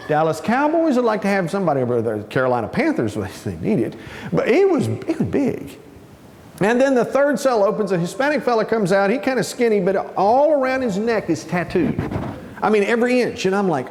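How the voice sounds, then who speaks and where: Keynote speaker, male, animated storyteller, bright high voice in a reverberant hall. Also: brisk. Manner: animated, acts out voices of people in his story.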